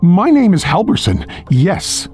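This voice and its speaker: A man's voice: high voice, very animated, measured pace, a little mellow, pitched above the performer's own voice. A man voicing a nervous male doctor turned gambler who stammers when frightened, in an audiobook. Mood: relieved. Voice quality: stammering, breathless. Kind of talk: audiobook character voice. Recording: faint music underneath.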